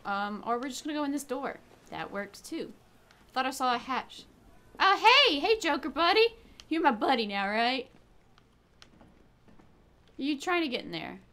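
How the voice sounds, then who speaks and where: A woman host giving casual, excitable let's play commentary, chatty and swearing freely. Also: high voice, moderate pace, pauses often. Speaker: gaming video host.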